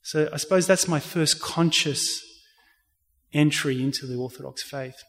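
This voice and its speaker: An earnest man recounts his faith as an interview guest, slightly high for a man. He often restarts his sentences as he tells the story. His voice rings with a long reverb, as in a big hall. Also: a little slow, fairly bright tone. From Australia. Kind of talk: personal faith testimony.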